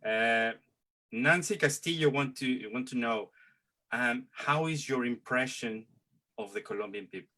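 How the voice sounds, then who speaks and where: Guy co-hosting, eager, bit halting english, mid pitch. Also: sharp tone. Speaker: co-host. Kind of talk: interview hosting.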